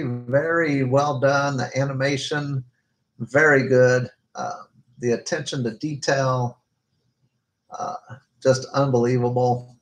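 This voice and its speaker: A man co-hosting a podcast, reviewing movies in a casual, hesitant way with lots of filler pauses. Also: medium pitch, low-quality recording.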